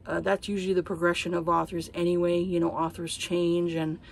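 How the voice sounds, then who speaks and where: A husky-voiced woman in her thirties rants on her book vlog, exasperated and swearing freely. Her pitch leaps high when she gets indignant, then sinks low and flat as she vents her disappointment. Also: brisk. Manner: heated, profane, exasperated. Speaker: book vlogger. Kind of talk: casual ranting monologue.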